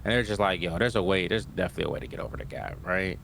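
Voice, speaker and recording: Here the young podcast co-host's voice is low, creaky and rapid-fire, with slight background noise behind it. He animatedly retells an anime episode in a casual way, voicing characters with "yo" and tagging "right?" onto everything.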